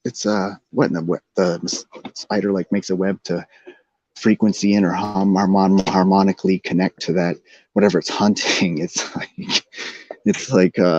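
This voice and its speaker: In a dry, dull lo-fi recording with no room sound, a man with a slightly mellow voice chats casually. He meanders from one thought to the next, laughs a lot, and sometimes slips into a silly, high sing-song.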